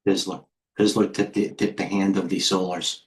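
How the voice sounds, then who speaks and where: A middle-aged man hosting a live trading stream, talking fast and excitably as he flips through charts and speaks to viewers in the chat. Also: low-pitched. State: out of breath. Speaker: host and head trader.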